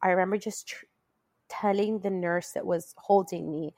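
A woman with a voice on the low side, speaking at normal speed, is a guest in a casual conversation. She tells a personal story chattily, laughing often and rising into animated quoting.

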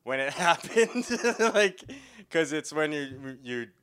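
A man in casual conversation who giggles through his stories and breaks into loud acted-out shouts. His voice is bright and fairly high, and it swings widely in pitch. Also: big pitch swings, slow pace, clean tone. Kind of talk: casual chat.

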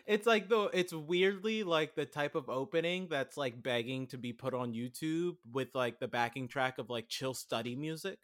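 A man's voice: medium pitch, moderate pace, hardly any pauses, fairly bright tone. A man in a casual film chat, rambling and saying "like" a lot as he animatedly retells scenes. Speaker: podcast co-host.

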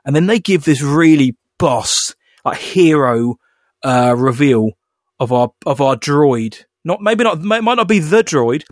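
A man's voice: fairly high pitch, animated, a little slow, no echo, clean studio sound. A man co-hosting a podcast, chatting casually and rambling with fillers and laughs. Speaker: podcast co-host. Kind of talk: casual chat.

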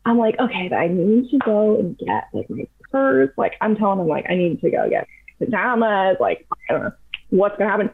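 A young woman tells a story as a podcast guest, chatty and animated. Her voice is somewhat breathy and sits at a middle pitch. The sound is thin and phone-like. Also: fairly quick. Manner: chatty, animated, heavy use of "like". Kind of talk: casual storytelling. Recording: tinny phone-like audio.

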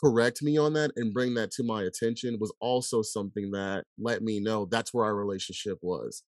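A man's voice: fairly low pitch, fairly even intonation, brisk, no room sound, studio quality. A man hosting an educational podcast, talking in a reflective, casual way with many filler words. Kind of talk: casual conversational interview.

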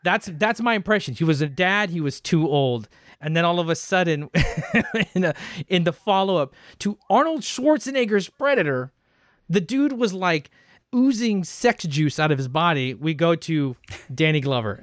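A man co-hosting a casual film chat, animated and profane, often jumping up into high, disbelieving tones. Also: moderate pace, no echo, studio quality. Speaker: podcast co-host.

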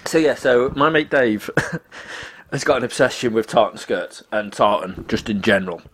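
A man in casual podcast chat, telling animated stories and laughing often. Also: mid-range voice, moderate pace, breathy edge.

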